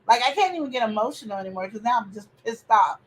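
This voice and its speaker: A woman hosting a family podcast chat, talking in an animated, opinionated way with preachy outbursts. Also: on the high side, fast talker, low-quality recording. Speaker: podcast host.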